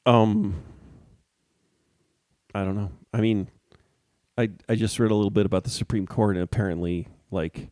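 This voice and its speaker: A middle-aged man co-hosts a casual talk show and speaks haltingly, full of ums and uhs. His low, warm voice is recorded dry and close. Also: steady tone, dry recording. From Chicago area, US. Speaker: podcast co-host. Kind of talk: casual chat.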